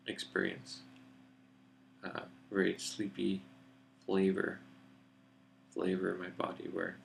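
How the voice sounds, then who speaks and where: A man with a very low, heavily gravelly voice gives a reflective personal video update. He talks at an unhurried pace in a relaxed, grounded chest voice and pauses to search for words. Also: a little hiss or hum. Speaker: vlogger. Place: seated in a chair indoors.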